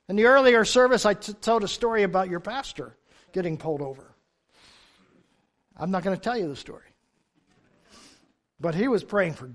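An older man preaching a sermon in church, telling humorous stories with sudden loud emphasis. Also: very high-pitched.

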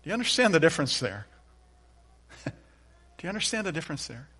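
A pastor preaching a sermon, reading scripture aloud with emphatic repeated refrains. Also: male voice, fairly high pitch, sing-song, brisk, a bit bright.

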